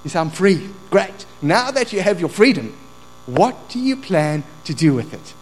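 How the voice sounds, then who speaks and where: A middle-aged man preaching a sermon, moving from quiet asides to loud, fervent passages. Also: sits high, sing-song, moderate pace, rough recording. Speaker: pastor. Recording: faint mains hum.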